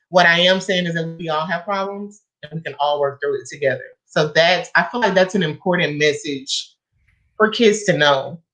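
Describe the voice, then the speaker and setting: Female guest, lower voice, earnest and reflective in conversation. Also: a bit bright, rough recording. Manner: earnest, reflective, speaks to the listener directly. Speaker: guest, music educator. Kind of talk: casual conversation.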